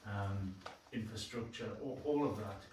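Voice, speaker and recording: A man's voice: lowish voice, measured pace. Man, councillor's report, plainspoken, colloquial, heavy room echo, distant mic. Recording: very echoey room, distant mic, faint noise.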